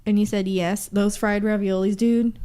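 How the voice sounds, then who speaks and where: Young female co-host, playful and giggly, relaxed back-and-forth delivery. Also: medium pitch, normal speed, clear, resonant tone. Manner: giggly, teasing banter. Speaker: podcast co-host. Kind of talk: casual chat.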